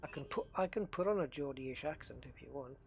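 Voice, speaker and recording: A man's voice: medium pitch, brisk, vocal fry, slightly rough. A middle-aged man from the northeast of England with an English accent, chatting casually and rambling as he streams a game from his desk at home. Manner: chatty, rambling, self-interrupting. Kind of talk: casual live-stream commentary.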